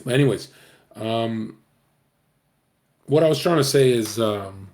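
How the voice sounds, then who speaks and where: A man's voice: mid-range voice, measured pace, a little mellow. A man streaming, rambling through casual commentary to his viewers, profane and joking.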